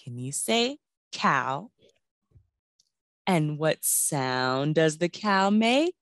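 A woman's voice: deep voice, big pitch swings, drawn-out words, no echo. A woman teaching a preschool class, coaxing the children to repeat words and join in songs.

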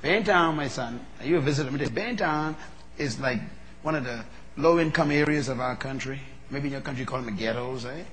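A man preaching a sermon, moving from low, measured talk to loud, fervent preaching. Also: a crowd in the background. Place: large hall. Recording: long reverb of a large hall.

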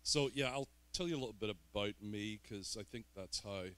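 A man's voice: on the low side, normal speed, a bit bright, clear, resonant tone. Northern Irish man preaching with jokes. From Northern Ireland. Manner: joking, self-deprecating asides. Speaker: guest preacher. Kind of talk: sermon. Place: church sanctuary.

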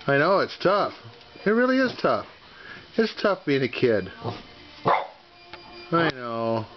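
A man's voice: on the high side, lively intonation, slow, pauses often, faint music behind. A man talking to his pet dogs in playful, coaxing baby talk on a home video. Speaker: dog owner filming his pets. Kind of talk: home video chatter to pets. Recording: muffled home video with background noise.

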